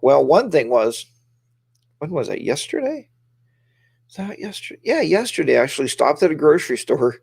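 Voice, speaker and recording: A man's voice: mid-range voice, gravelly, darkish tone, no room sound, studio quality. A tired middle-aged man hosting a casual live stream, rambling and greeting viewers by name.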